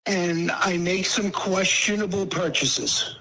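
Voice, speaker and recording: A man's voice: high voice, takes it slowly, pushed and bright, low-quality recording. A man calling into a podcast, telling a story casually with plenty of swearing. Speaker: caller.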